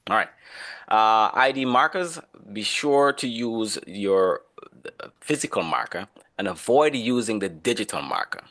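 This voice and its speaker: A man's voice: fairly low pitch, a bit bright. A man teaching an online class, explaining and calling on students by name in a casual, conversational way. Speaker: instructor.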